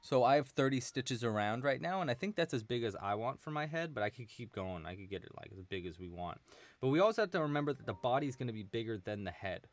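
Man, mid-pitched voice, casual chatty crochet tutorial, counts stitches aloud. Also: animated, fast talker, no echo. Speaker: crochet instructor.

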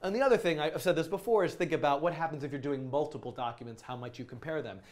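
A man with a voice pitched a bit above most, teaching casually on a live stream. He talks in an enthusiastic, rambling way, full of ums and self-corrections, now and then drifting away from the mic. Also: quick pace.

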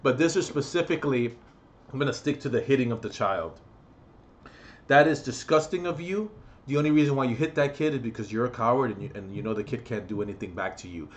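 A man's voice: medium pitch, quick pace. A man on a profane, heated rant. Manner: heated, profane ranting with loud outbursts. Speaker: vlogger. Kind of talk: ranting vlog monologue.

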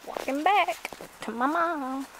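A daughter chatting casually on a family outing, amused and teasing. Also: female voice, sits high, slow pace, fairly bright tone, a little hiss or hum, poor audio. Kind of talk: casual vlog chat. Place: outdoors at a lakeside cliff overlook.

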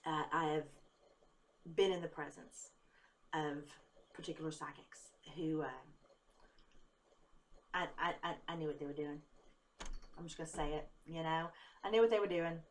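A woman's voice: deep voice, flat delivery, a little slow, pauses often, slight background noise. Candid, tired woman psychic vlogging. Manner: rambling and candid, swears when angry, laughs often. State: tired after a workday. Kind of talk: casual talk to camera.

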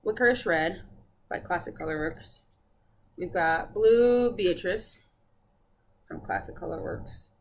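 A woman's voice: on the low side, slow pace, long pauses. A woman hosting a casual cross-stitch video chat, bubbly and chatty with many fillers. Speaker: Flosstube host.

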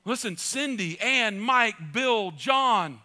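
Male pastor, middle-aged, high bright voice; passionate repetitive sermon delivery, loud to soft. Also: animated, slow. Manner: passionate preaching, swinging between loud urging and soft asides; repeats phrases for emphasis.

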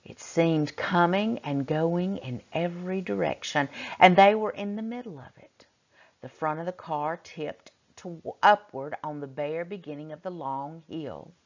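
Woman teacher reading aloud to kids, slow and unhurried, lowish voice, muffled lo-fi recording. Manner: slow, expressive, pausing to question children. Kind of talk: expressive read-aloud with teaching asides.

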